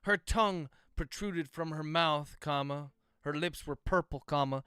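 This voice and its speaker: A man, an author, dictating his thriller aloud at a steady, methodical pace, speaking the punctuation marks. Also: on the high side, unhurried, smooth, no echo, studio quality. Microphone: close livestream microphone.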